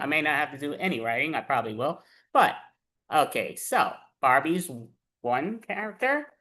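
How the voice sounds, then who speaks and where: A woman's voice: deep voice, bright, forceful tone. A woman hosting an improv comedy show, chatting casually in a rambling, self-deprecating way while sorting cards and props. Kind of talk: casual chat.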